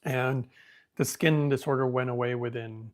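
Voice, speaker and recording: A man's voice: mid-range voice, steady tone, normal speed. Rambling male podcast host storytelling. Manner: rambling, thinks out loud, becomes emotional. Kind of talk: casual storytelling monologue.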